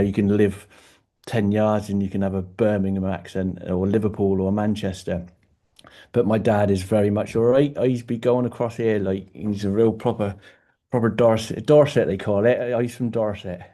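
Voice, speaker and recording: A man's voice: lowish voice, dark tone. A man with an English accent chatting on a group video call in a storytelling way. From southern England. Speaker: call participant. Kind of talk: casual video call chat.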